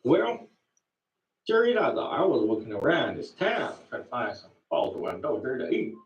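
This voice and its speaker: A man's voice: mid-range voice, huge pitch swings, fast talker, roomy sound, recorded from a distance, lo-fi sound. A man in a comic clip, talking in an exaggerated way and mixing two languages.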